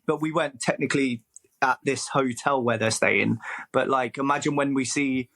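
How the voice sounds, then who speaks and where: A man co-hosting a casual podcast, enthusiastic and quick to laugh. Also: mid-range voice, gravelly, a bit bright. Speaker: podcast co-host.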